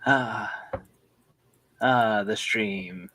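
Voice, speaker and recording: A man's voice: on the low side, drawn-out words, sharp tone, slight background noise. A man, a player at the table, telling rambling stories in casual chat and laughing at his own jokes. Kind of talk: casual banter before a game session.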